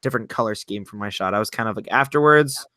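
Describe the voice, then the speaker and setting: A man's voice: lowish voice, quick pace, bright, forceful tone. A man co-hosting a podcast in casual chat, joking and bluntly self-deprecating. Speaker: podcast co-host.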